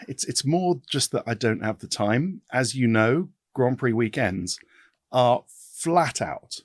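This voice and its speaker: A man in his fifties, a podcast guest, talking in an animated way with quick restarts and repetitions. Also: mid-range voice, no echo, clean studio sound. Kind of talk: casual interview chat.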